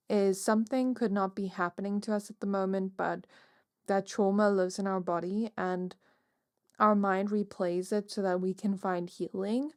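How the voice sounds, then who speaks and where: A woman's voice: mid-range voice, a little mellow, dry recording, clean studio sound. A woman giving a casual pick-a-card tarot reading, musing aloud with many fillers. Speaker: tarot reader.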